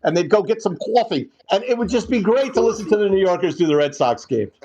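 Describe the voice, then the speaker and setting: Middle-aged man hosting with a high voice. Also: animated, quick pace, dark tone, muffled recording. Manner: easygoing, steers the show and cues clips. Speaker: podcast host. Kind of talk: casual sports podcast chat.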